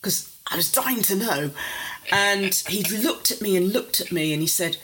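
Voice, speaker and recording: A woman's voice: mid-range voice, expressive, normal speed, a bit bright, rough recording. An older woman from near Warrington, a psychotherapist telling wry family stories in a casual interview. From England, near Warrington. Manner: wry, self-mocking, acts out quoted voices. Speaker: interview guest, psychotherapist and author. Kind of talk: casual conversational storytelling.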